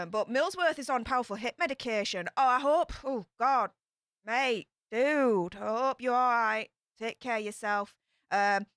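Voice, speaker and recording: A woman's voice: fairly high pitch, a bit bright, clear, resonant tone, no room sound, studio quality. A woman with a Yorkshire accent hosting a livestream, chatting casually and greeting viewers one by one in a bubbly, chatty way. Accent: Yorkshire English. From Yorkshire, England. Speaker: YouTube livestream host.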